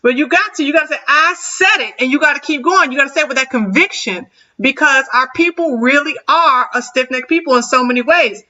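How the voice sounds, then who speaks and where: A woman on a panel chatting casually, lively and laughing often, with preacher-like emphasis. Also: sits high, fairly quick. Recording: distant dull-sounding mic.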